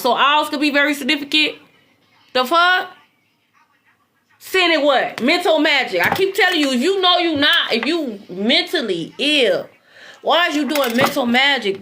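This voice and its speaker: Brash, high-voiced tarot reader woman. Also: slight background noise. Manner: blunt, profane, animated. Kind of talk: casual tarot reading livestream.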